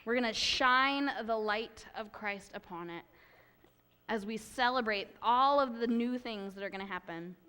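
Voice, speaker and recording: Soft-spoken woman pastor talking to children. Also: fairly high pitch, a little slow, a little hiss or hum. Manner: soft, coaxing questions to children. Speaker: pastor giving a children's message. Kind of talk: gentle children's message. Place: church sanctuary.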